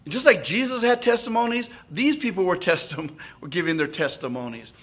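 A man's voice: sits high, animated, brisk, a bit bright. A man preaching an expository sermon, often checking in with listeners through tag questions.

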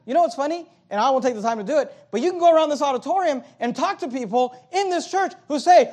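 A pastor preaching a sermon in a church auditorium, emphatic and repetitive, rising loud and dropping quiet. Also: male voice, very high voice, expressive, fast talker, few pauses.

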